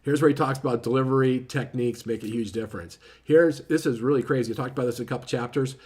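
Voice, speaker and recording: A man giving a casual spoken book review, informal and self-correcting, often tagging his points with "right?" and tending to talk quietly and quickly. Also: mid-range voice. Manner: says he often speaks too quietly and too fast.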